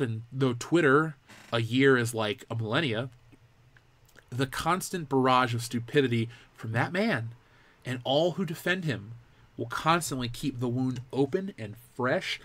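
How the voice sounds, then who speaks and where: A man's voice: mid-range voice, fairly bright tone. A young man hosting a live pop culture show, ranting in a heated, profane way. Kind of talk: live-stream commentary rant.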